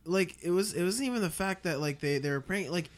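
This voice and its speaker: A man's voice: high-pitched, expressive. Hesitant young man on a podcast. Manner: hesitant, halting with fillers. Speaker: podcast co-host. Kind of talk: casual chat.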